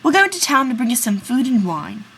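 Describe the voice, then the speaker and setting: A woman's voice: fairly high pitch, very animated, fast, fairly bright tone, slightly rough, exaggerated voice. A woman voicing a bossy young man who leads and plots against his friend. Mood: scheming. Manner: commanding, plotting. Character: bossy scheming young ringleader.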